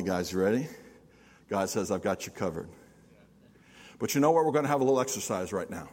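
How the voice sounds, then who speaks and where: An older man, a pastor preaching an animated sermon, swinging from loud to hushed and calling on the congregation to answer. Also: a little high, husky. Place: church sanctuary. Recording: long hall reverb.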